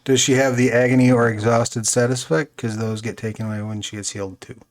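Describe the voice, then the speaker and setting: Male player in a tabletop game, casual and hesitant, thinking out loud. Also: mid-range voice, flat delivery, quick pace. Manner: hesitant, thinking aloud with ums and likes.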